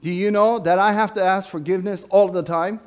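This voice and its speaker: Male pastor, lively sermon delivery, higher-pitched voice. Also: fairly quick, clear, resonant tone. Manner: animated preaching, rising to loud emphatic questions. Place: church.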